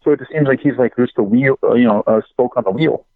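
A man rattling off quick, joking remarks in a casual podcast chat. His voice comes through dry and close, squeezed into a tinny phone-like band. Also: mid-range voice, no room sound. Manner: quick, joking, rhetorical questions.

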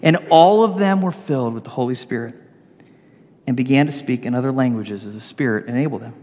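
A man preaching a sermon, telling stories with animated swings between loud and hushed delivery. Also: medium pitch, brisk, long reverb tail. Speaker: pastor.

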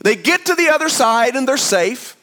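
A man's voice: extremely high pitch, animated, normal speed, bright, forceful tone. A man preaching a sermon to a congregation, retelling the story in a chatty, storytelling way and speaking straight to the room.

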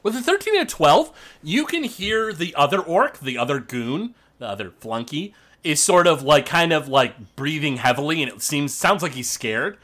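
A man's voice: on the high side, normal speed, few pauses. A man narrating as game master of a tabletop game, talking with many fillers. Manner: lively, hesitant narration with fillers.

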